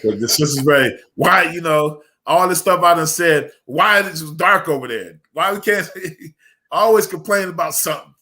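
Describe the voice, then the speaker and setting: A man's voice: a little high, normal speed, sharp tone. A middle-aged man, an imam on a panel, giving casual, joking marriage advice with lots of fillers. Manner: joking, folksy, many fillers.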